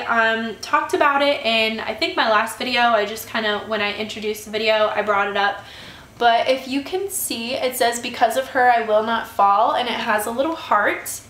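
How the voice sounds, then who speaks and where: Bright-voiced young woman vlogger, chatty. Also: on the high side. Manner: chatty storytelling, annoyed ranting. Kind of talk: casual chat vlog. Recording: echoey room.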